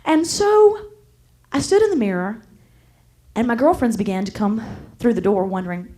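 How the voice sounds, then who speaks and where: A woman, speaking as a motivational speaker and telling a story to a live audience with lively, animated turns between loud and soft. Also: medium pitch, moderate pace.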